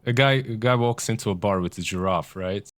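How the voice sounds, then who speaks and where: A man's voice: on the low side, brisk. A man co-casting an esports stream, bantering and laughing with his partner. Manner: laughs often, playful banter. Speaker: esports co-caster. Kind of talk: casual stream chat.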